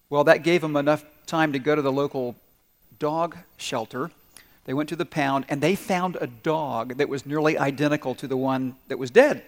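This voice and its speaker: A man's voice: a little high, a little fast, big-room sound. A man preaching a sermon as a pastor, telling stories and talking directly to his congregation. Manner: storytelling, conversational and direct with the congregation.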